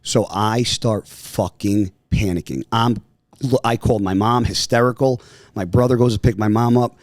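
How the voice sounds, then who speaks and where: A man's voice: fairly low pitch, moderate pace, dry recording. A man telling a story in casual podcast chat, swearing freely and acting out what people said. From New Jersey, US. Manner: animated, profane, acts out voices in quotes. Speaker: podcast guest. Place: podcast studio.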